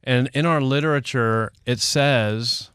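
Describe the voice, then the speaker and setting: An older man co-hosts a recovery show from a radio studio, with a smooth, resonant voice recorded close and dry. He talks in a loose, folksy way, circling back and posing leading questions to his co-host. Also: mid-range voice, slow pace, a bit bright, no echo. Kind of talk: casual recovery podcast chat.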